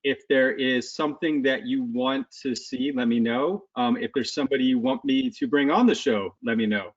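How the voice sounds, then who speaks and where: A man's voice: medium pitch, moderate pace, husky, lo-fi sound. Rambling male cooking-stream host. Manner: loose and rambling, many fillers. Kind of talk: casual chat.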